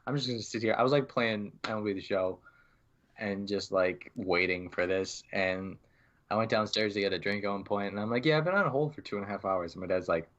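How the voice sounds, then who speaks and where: Male podcast co-host, lower voice, casual storyteller, muffled lo-fi sound. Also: a little fast, a bit bright. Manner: storytelling, acts out phone calls. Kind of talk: casual chat.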